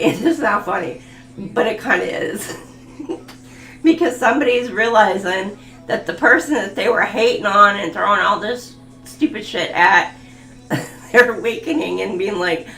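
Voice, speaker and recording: A woman's voice: mid-range voice, normal speed, sharp tone. A woman giving a live tarot reading, laughing often and swearing bluntly. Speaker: tarot reader. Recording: echoey room with faint music.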